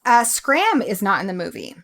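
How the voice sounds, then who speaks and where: This is a woman in a casual podcast conversation, talking through a book and its film adaptation. She is animated and laughs easily. Her pitch sits in a middling range. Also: normal speed, vocal fry. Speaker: podcast co-host. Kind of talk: casual book club chat.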